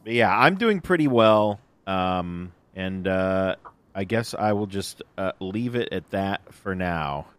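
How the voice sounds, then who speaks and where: A young man hosting a podcast in casual chat, relaxed and hesitant with fillers. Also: low-pitched, slow, clean tone. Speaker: podcast host.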